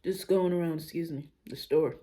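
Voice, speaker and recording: A young adult woman vlogs casually about her personal life, thinking aloud with candid, relaxed everyday slang. Her voice is deep and her speed normal.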